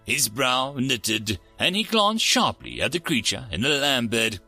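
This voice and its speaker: A man narrating a story aloud in an expressive, animated audiobook reading. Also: mid-range voice, measured pace, creaky, soft background music.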